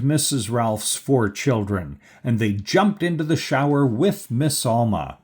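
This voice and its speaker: Reading a picture book for children, a storybook reader goes slowly and energetically, lifting his voice higher whenever the characters speak.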